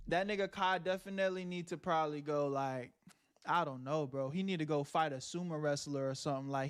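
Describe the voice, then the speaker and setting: A man with a high voice talks through a reaction in a laid-back, slangy way. He drops laughing asides between his points. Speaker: reaction streamer. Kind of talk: casual reaction commentary.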